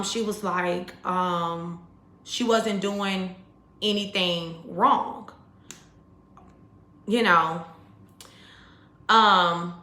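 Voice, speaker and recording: Chatty woman with a bright voice. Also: mid-range voice. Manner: chatty, rambling, full of "like" and "you know", addresses viewers as y'all. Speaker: spiritual YouTuber and mother. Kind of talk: casual storytelling to viewers. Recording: echoey room.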